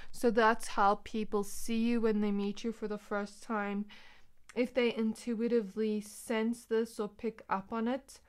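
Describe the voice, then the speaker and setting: Young woman, tarot reader, smooth clear voice, rambling with fillers. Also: a little high, level tone, unhurried. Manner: rambling, intuitive, many "um" and "like" fillers. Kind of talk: pick-a-card tarot reading.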